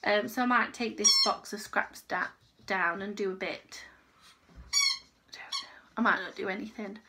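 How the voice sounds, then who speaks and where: A woman's voice: medium pitch, huge pitch swings, measured pace, heavy background noise. A woman chatting casually and rambling in a crochet vlog from her home. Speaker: crochet vlogger. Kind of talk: casual chat.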